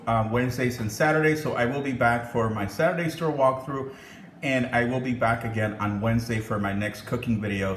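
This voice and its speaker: A man's voice: medium pitch, a little hiss or hum. Chatty man in an echoey kitchen. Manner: chatty, upbeat, frequent um and laughs. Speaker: cooking channel host. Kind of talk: casual cooking vlog.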